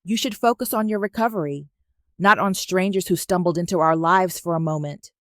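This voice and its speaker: A woman voicing a poised, wealthy older mother who speaks softly and quietly condescends. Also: fairly low pitch, fairly quick, no echo, studio quality, close to an everyday voice. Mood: soft concern. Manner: soft, honeyed and quietly condescending.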